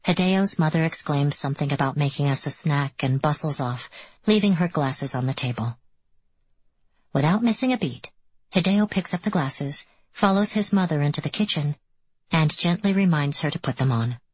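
A woman reading a first-person audiobook in a measured, descriptive storytelling manner. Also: deep voice, expressive, a little mellow, breathy edge. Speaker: audiobook narrator. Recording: dull, dry studio recording.

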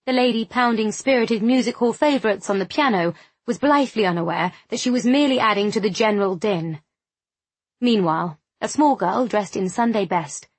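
Woman narrator for an audiobook, measured and even, husky tone, dry close sound. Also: medium pitch, no room sound.

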